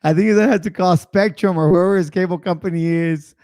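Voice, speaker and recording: A man's voice: high voice, steady tone, fast talker, darkish tone, no echo, studio quality. A man hosting a casual live show, telling stories in a chatty, rambling way. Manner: chatty storyteller, laughs often; rambling with filler asides. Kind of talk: casual livestream chat.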